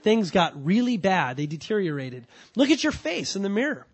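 Male pastor, higher voice, emphatic sermon delivery, lots of rhetorical questions and repetition. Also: big pitch swings, measured pace, pauses often. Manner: repeats key points for stress.

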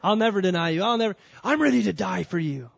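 A man voicing a panicked male apostle who loudly insists on his denials. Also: animated, fast talker, creaky, breathy edge, no room sound, full character voice. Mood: earnest. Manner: high, loud and insistent denials.

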